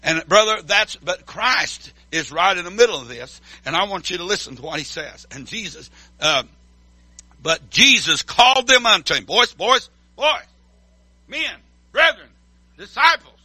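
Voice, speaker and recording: A preacher with a high, very bright voice delivers a sermon to his church. He calls for amens and swings between ringing declarations and near-whispered asides. The sound is dry and close. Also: lively intonation, normal speed, no echo. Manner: call-and-response preaching, swings from loud to hushed. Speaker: pastor.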